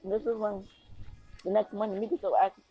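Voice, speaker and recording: A woman's voice: medium pitch, level tone, a little fast, breathy edge, dull audio. A woman casually improvising a fan story, rambling with lots of fillers and restarts.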